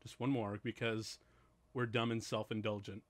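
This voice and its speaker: A man co-hosting a casual movie commentary podcast, excitable and laughing often. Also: fairly low pitch, normal speed. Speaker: podcast co-host.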